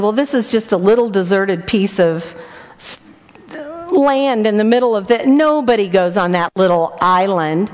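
With a mid-range voice and moderate pace, this older woman, a grandmother, gives a narrative sermon, lively as she plays out all the dialogue herself. Expect a long hall echo and dull, lo-fi audio.

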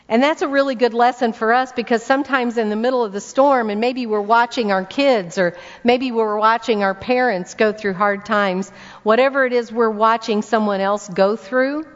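A woman preaching a conversational sermon to women, reading scripture and asking her listeners direct questions. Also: fairly high pitch. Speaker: women's ministry speaker. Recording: dull sound with long hall reverb.

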